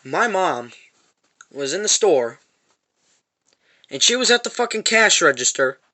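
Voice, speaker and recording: A man's voice: high voice, very animated, a little slow, sharp tone. A man telling an angry, profane story about a confrontation in a parking lot, repeating himself as he goes. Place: parked van.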